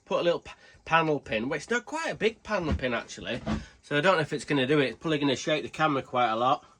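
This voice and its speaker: Man, British accent, tool reviewer, casual vlog, rambling, slightly high-pitched. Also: expressive, rapid-fire, noisy background. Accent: British English. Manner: chatty, rambling, swears casually. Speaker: tool reviewer, channel host.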